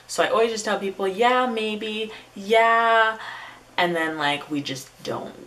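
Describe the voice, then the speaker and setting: Woman vlogger, low voice, casual slangy storyteller, recorded slightly off-mic. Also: brisk, fairly bright tone, recorded from a distance, low-quality recording. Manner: chatty, swearing, casual slang. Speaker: YouTuber.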